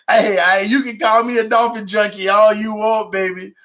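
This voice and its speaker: High, bright-voiced excited sports streamer. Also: male voice, moderate pace, few pauses. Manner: animated, slangy, reads chat aloud, urges viewers. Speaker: live stream host. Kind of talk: casual live-stream sports talk.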